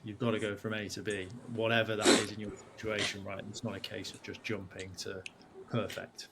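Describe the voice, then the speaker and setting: A low-pitched man hosts a podcast, putting his questions in a casual, halting manner with plenty of fillers. Clear background noise sits under his voice. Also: little pitch movement. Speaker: podcast host. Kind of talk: conversational interview questions.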